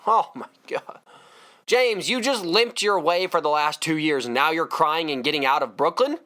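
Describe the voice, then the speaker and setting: A man's voice: a little high, bright, forceful tone. A man hosting a solo sports podcast, ranting in a fired-up, emphatic way. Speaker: podcast host.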